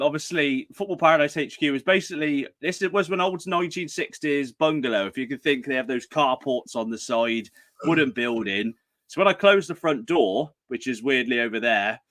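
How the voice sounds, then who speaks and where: A man's voice: medium pitch, fairly bright tone, no room sound. A man with a Northern English accent hosting a casual live stream, chatty and self-deprecating, often laughing. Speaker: host. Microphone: streaming setup.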